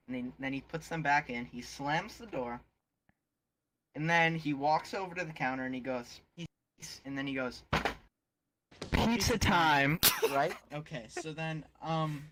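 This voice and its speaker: This young man's voice sits on the high side and sounds a bit bright, with a little hiss or hum in the background. Chatting casually in an online virtual world, he rambles through a movie scene, full of fillers and restarts.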